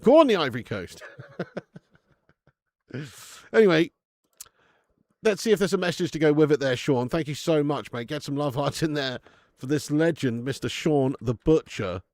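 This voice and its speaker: A man hosting a football watch-along stream, swearing often and bantering with his chat in bursts of excitement. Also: fairly high pitch, moderate pace, long pauses, no room sound, studio quality. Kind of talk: casual live-stream chat.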